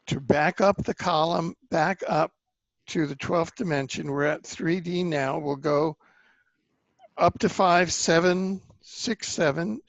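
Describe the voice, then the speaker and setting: A man hosting a spiritual interview, speaking slowly and affirming his guest. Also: on the high side, gravelly, no echo. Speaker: interview host. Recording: dry, dull lo-fi recording.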